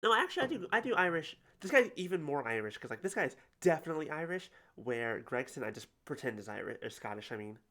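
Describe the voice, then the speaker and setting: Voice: medium pitch, big pitch swings, fast, hardly any pauses, fairly bright tone. Sarcastic, foul-mouthed game streamer. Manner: swears a lot, sarcastic. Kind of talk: casual gaming livestream commentary.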